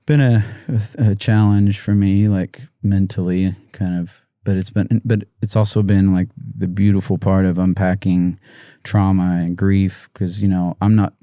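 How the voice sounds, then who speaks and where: A man telling a painful personal story in an interview, halting and soft-spoken with many pauses, emotional and near tears. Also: sits low, flat delivery, no room sound, clean studio sound. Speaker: musician guest.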